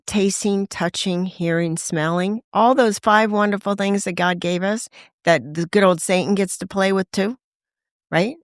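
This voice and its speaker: A woman's voice: mid-range voice, no echo, studio quality. A woman, a podcast guest, telling her recovery story in candid conversation, acting out quoted voices and laughing often.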